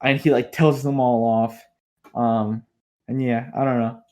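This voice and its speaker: Rambling man, podcast co-host, mid-pitched voice, casual chat, lots of filler words. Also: little pitch movement, measured pace, mellow.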